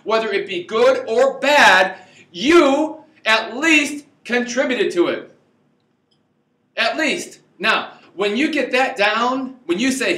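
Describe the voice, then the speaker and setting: A man giving an animated spiritual talk to a live audience, repeating himself and acting out quotes. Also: sits high. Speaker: spiritual speaker. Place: meeting hall with a live audience. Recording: echoey room, mic at a distance.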